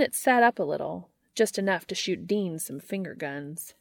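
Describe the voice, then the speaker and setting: Low, gravelly woman narrator with wry comic timing, dry close recording. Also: lively intonation, moderate pace, dry recording. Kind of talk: fan fiction reading.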